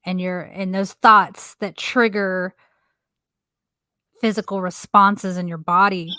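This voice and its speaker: A woman's voice: mid-range voice, steady tone, slow, sharp tone, no room sound, studio quality. A woman in her thirties co-hosting a casual chat podcast, speaking earnestly and frankly, with some swearing. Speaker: podcast co-host.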